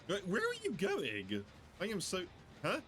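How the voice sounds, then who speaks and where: A British man streaming a game, chatting casually and joking, often jumping up into high squeals. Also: wildly swooping pitch, a little slow, a bit bright. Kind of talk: casual gameplay commentary.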